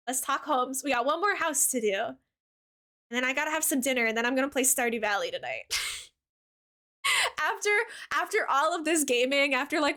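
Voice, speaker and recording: A woman streaming a cozy game, chatting in a bubbly, giggly way and gushing warmly at her chat, with lots of "like" fillers. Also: sits high. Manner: warm toward chat, gushing. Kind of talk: casual live-stream chat while gaming.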